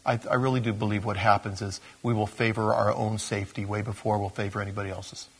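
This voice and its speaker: A male pastor delivers a sermon with a slightly husky voice. He talks to the congregation casually and pokes fun at himself, shifting between quiet reflection and louder emphasis. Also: lowish voice, level tone, fast. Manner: conversational, self-deprecating, addresses congregation as gang.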